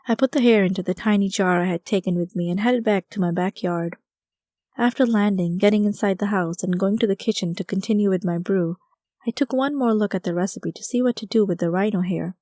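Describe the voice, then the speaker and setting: Mellow-voiced woman narrating an audiobook. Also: mid-range voice, a little fast, no echo, clean studio sound. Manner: conversational storytelling, acts out dialogue. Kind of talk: first-person audiobook narration.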